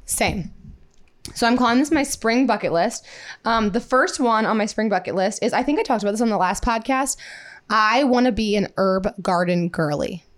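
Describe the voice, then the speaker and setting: A woman's voice: fairly high pitch, moderate pace. Chatty young woman co-hosting a podcast. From Midwestern United States. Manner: chatty, upbeat, lots of "like" and "um". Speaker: podcast co-host. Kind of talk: casual chat.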